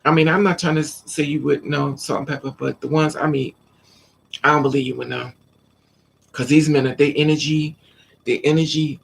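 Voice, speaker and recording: A woman's voice: low voice, gravelly, breathy edge. A woman vlogger telling stories in a casual livestream chat and talking straight to her viewers. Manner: chatty storytelling, addresses viewers directly.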